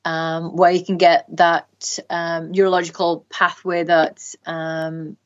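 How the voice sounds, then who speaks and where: A woman's voice: on the low side, flat delivery, slow, muffled recording. A woman with a Northern English accent, a guest practitioner explaining health topics in a podcast interview, talking in long runs full of ums.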